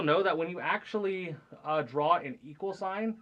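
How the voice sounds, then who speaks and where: A young man teaches a logic lesson in a loose, chatty style, often checking in with his listeners. His voice sits a little on the high side for a man, and at times he drifts away from the camera mic. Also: moderate pace, a bit bright, muffled recording. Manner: conversational, many fillers and checks like "right?". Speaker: math instructor. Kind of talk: recorded classroom lecture.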